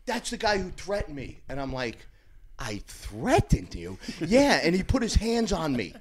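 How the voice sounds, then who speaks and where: Brash, animated middle-aged man. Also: sits high, normal speed. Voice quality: brash, profane storyteller with a loud, animated delivery. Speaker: guest storyteller. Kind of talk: casual podcast chat.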